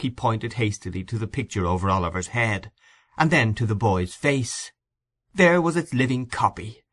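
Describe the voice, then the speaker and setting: Narrator: man, lower voice, measured, steady storybook reading. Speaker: audiobook reader.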